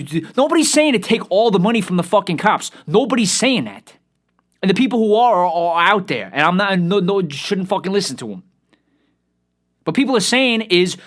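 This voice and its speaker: Young male podcast host, slightly high voice, profane heated rant full of restarts. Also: very animated, a little fast, a bit bright. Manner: heated, swears constantly, repeats and restarts.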